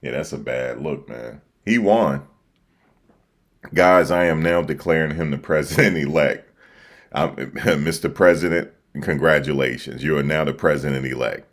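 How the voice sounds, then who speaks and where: A bass-voiced man with an East Coast accent speaks at a moderate pace into a desk microphone. Hosting a casual livestream, he reacts to election results in slangy, repetitive chat.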